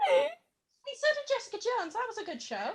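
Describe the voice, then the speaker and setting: A woman's voice: very high voice, sing-song, a little fast. A woman hosting a podcast, chatting casually with playful, teasing interjections. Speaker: podcast host. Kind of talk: casual chat.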